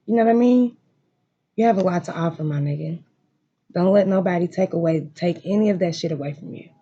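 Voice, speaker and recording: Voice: mid-range voice, fast, warm tone, husky, lo-fi sound. A tarot reader in a home room doing a card reading, talking straight to viewers in an emphatic, emotional way. They repeat lines of encouragement and swear freely. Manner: emphatic, repetitive, profane, emotionally intense.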